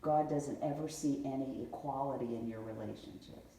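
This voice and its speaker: A woman's voice: very deep voice, moderate pace, a little hiss or hum. A middle-aged woman in a casual family conversation, telling stories and acting out what her relatives said. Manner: animated storyteller who acts out family quotes. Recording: echoey room, mic far off.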